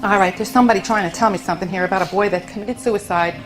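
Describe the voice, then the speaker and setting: A woman's voice: medium pitch, racing, music in the background, low-quality recording. A woman working as a psychic medium, giving a stage reading to audience members in a soothing manner and calling them honey and sweetheart.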